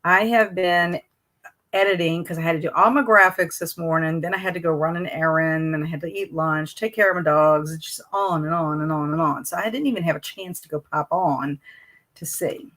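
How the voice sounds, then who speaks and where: A woman's voice: sits low, a little fast, a bit bright. A woman hosting a casual reading live stream from home, greeting viewers and reading chat messages aloud in a chatty, rambling way.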